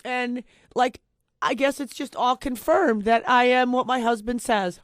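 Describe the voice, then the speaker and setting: A woman's voice: fairly high pitch, fairly even intonation, measured pace, no echo, studio quality. A middle-aged woman hosting a talk show, speaking in an emotional, rambling and self-deprecating way to her co-host.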